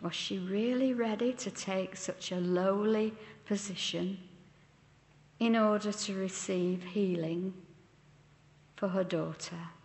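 A woman preaches in a measured, deliberate way, stopping to ask her listeners questions. She talks very slowly. Her voice rings through a roomy hall with a long reverb. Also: mid-range voice, steady tone, a little mellow. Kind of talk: sermon.

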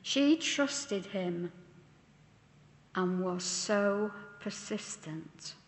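A woman preaching a sermon, speaking slowly and deliberately and posing questions to her listeners. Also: medium pitch, lively intonation, slight background noise. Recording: echoey church hall with long reverb.

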